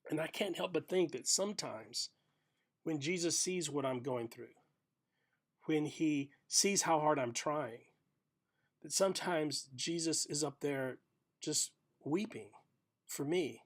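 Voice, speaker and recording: A middle-aged man giving a short, reflective sermon for a video podcast, telling a story gently with pauses. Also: a little high. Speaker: pastor.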